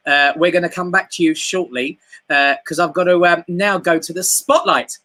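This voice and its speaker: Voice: mid-range voice, steady tone, normal speed, bright, forceful tone. A talk show host chatting and introducing acts, friendly with many fillers.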